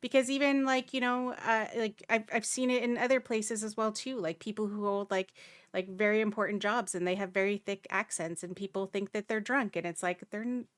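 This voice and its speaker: A woman from Canada speaking on a livestream panel, reflective and halting, often restarting her sentences. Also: mid-range voice, steady tone, no echo, studio quality. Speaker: streamer, panel guest. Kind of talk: casual panel discussion.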